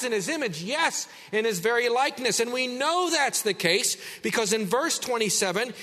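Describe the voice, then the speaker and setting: A man's voice: a little high, bright, forceful tone, long reverb tail. A male pastor delivering a sermon, explaining scripture in an earnest teaching tone that builds to emphatic points.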